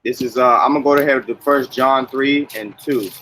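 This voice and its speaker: A man's voice: mid-range voice, fairly even intonation, normal speed, bright, forceful tone, slight background noise, low-quality recording. A man giving casual religious commentary who keeps tagging his sentences with "man" and "okay".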